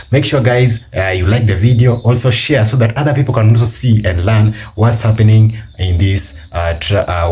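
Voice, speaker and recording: A man hosting a commentary channel, introducing the clips with many pauses and fillers. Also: on the low side, a little mellow, a little hiss or hum. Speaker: channel host. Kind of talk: casual intro to viewers.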